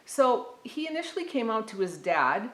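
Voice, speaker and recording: A middle-aged woman telling her family's story in a talk for university students, earnest and halting, with frequent ums and restarts. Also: on the high side, very animated, echoey room, poor audio.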